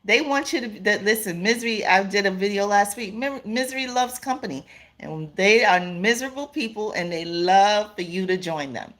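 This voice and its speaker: A woman's voice: medium pitch, moderate pace, fairly bright tone. A woman hosting a casual live stream, reading viewer comments aloud, laughing often and calling her viewers "y'all" and "honey".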